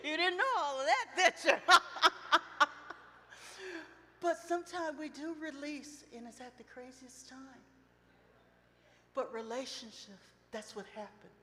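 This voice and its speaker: A middle-aged woman preaches to a women's retreat with a high, bright voice, moving between loud emotional outcries and quiet reflection. She speaks slowly and deliberately. Her words ring out with the long reverb of a large hall. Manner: impassioned, swings between loud outcries and soft reflective lines. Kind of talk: emotional sermon with personal storytelling.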